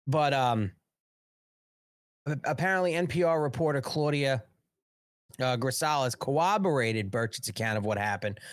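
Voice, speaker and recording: A man's voice: medium pitch, animated, normal speed, long pauses, no room sound. A man hosting a live political commentary show, reading news aloud and mocking it with crude swearing. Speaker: host.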